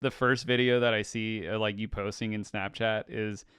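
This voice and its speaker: A man's voice: lowish voice, level tone, normal speed, a bit bright, clean tone, no room sound, clean studio sound. A young man hosting a podcast in casual chat, laughing easily and filling his talk with "like". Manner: laughs easily, lots of filler "like". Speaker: podcast host.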